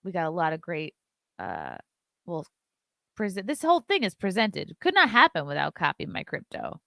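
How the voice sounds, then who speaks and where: A woman's voice: on the low side, wildly swooping pitch, normal speed, gravelly, a bit bright, dry recording, studio quality. A woman hosting a live-stream show, chatting loosely, reading viewer messages aloud and swearing casually.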